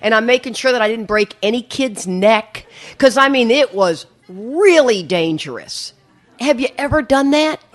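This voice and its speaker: Middle-aged woman, recovery-meeting speaker; animated storyteller who laughs often and mimics the people in her tale. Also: fairly high pitch, normal speed. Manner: lively, laughing, acts out voices in her story. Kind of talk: storytelling talk to an audience.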